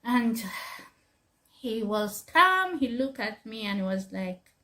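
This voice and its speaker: A woman's voice: on the high side, sing-song, slow pace, pushed and bright. A woman talking earnestly to parents, advising them as a mother, often repeating herself and laughing. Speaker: mother giving parenting advice. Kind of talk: casual advice talk to parents.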